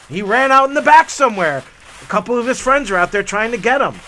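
A man in casual, animated storytelling on a hike along a forest trail. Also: very high-pitched, brisk. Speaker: hiking vlogger.

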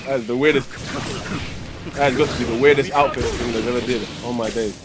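Man, gaming host, live play commentary, excitable, swears and shouts, game music behind. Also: mid-range voice, fast talker. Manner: excitable, swearing, yelling at the opponent.

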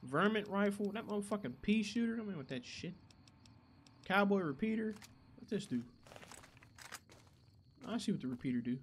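A young man giving casual, profane gameplay commentary who reacts loudly to the action. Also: high-pitched, animated, normal speed, long pauses, slight background noise. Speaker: gaming channel host.

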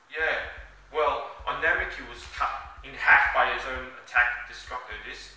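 A man's voice: mid-range voice, fairly even intonation, moderate pace, pushed and bright. A man casually recapping an anime episode, rambling with many fillers and restarts. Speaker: anime reviewer. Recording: echoey room, distant mic.

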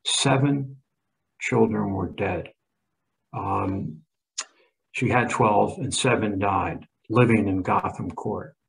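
A man's voice: mid-range voice, vocal fry, poor audio. A man in his seventies, a history professor, giving an emphatic lecture with slides and frequent restarts. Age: 70s.

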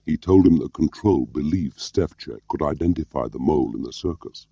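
A man with a very deep, gravelly voice playing an embittered middle-aged ex-spy who talks curtly and barks when angry, in a slightly muffled, dry recording. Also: expressive, moderate pace, no echo, exaggerated voice. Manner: gruff, barking, rising to shouts.

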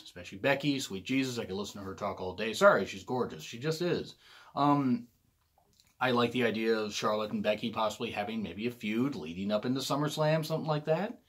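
A man hosting his own casual review vlog, rambling and joking, often correcting himself mid-sentence. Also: mid-range voice. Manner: rambling, jokey, self-correcting. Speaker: wrestling show reviewer.

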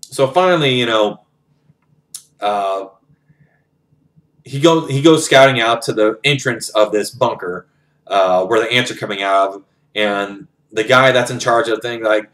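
A man's voice: on the low side, measured pace, pauses often, a bit bright. A man casually retelling a novel's plot in his own words, rambling with fillers and swearing. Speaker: book reviewer.

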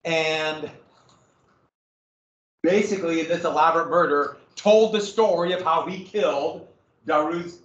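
A man's voice: fairly high pitch, fairly even intonation, unhurried, long pauses, fairly bright tone. Chatty man presenting in a roomy hall. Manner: chatty, digressive, jokey. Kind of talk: casual slide presentation to a small group. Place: room with a small audience. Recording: roomy, distant, slightly dull.

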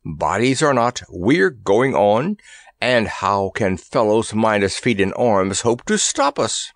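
A man's voice: fairly low pitch, sing-song, takes it slowly, no echo, clean studio sound, full character voice. A man voicing a grumbling proud elephant. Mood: gruff. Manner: grumbling, gruff. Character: grumpy proud male elephant.

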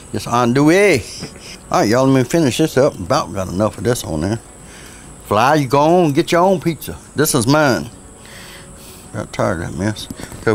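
A man's voice: lowish voice, slight background noise. A man with a Cajun Louisiana accent chatting folksily through a cooking demo outdoors at a pizza oven. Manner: folksy, chatty, says y'all a lot. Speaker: cook.

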